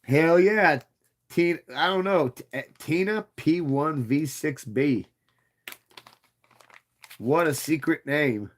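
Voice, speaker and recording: A man's voice: on the high side, slow pace, long pauses. Profane, playful man in his thirties. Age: 30s. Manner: profane, rambling, playful banter with chat. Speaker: livestream host. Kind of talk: casual livestream chat.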